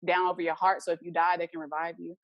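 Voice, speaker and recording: A woman guest on an interview tells a personal story in a casual, animated way, acting out the voices of the people in it. Her voice sits lowish and she talks fast. The recording has no room sound, but the highs are cut off.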